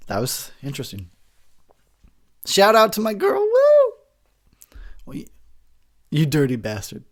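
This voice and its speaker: A man's voice: high-pitched, huge pitch swings, very slow, pauses often. A man, drunk, giving a rambling, crude commentary over a movie, laughing often as he talks.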